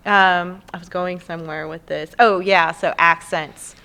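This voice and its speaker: A woman's voice: lowish voice, measured pace, clear, resonant tone. A woman in her thirties with a Southern US accent, chatting as a podcast guest and telling long, rambling stories. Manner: rambling, animated storyteller. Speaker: guest, community theatre actor. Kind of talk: casual podcast chat.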